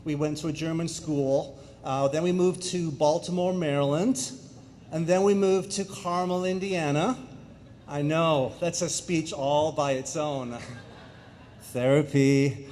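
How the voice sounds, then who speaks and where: A middle-aged man from England giving an animated talk to an audience in a school hall, joking and asking them questions. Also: on the high side, measured pace, slight background noise. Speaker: speaker. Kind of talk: energetic public talk. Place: school auditorium.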